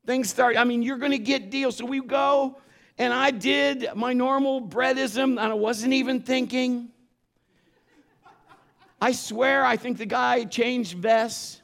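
A male preacher with a notably high-pitched voice delivers a conversational sermon. He is earnest and emphatic, leaning into key phrases as he mixes scripture with homespun personal anecdotes. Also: steady tone, a little slow, vocal fry, fairly bright tone.

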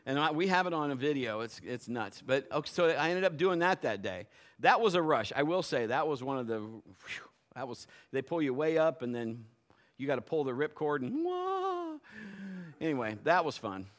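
A middle-aged man preaching a sermon, telling folksy personal stories and swinging from quiet asides to loud, emphatic points. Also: mid-range voice, animated, fairly quick. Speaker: pastor.

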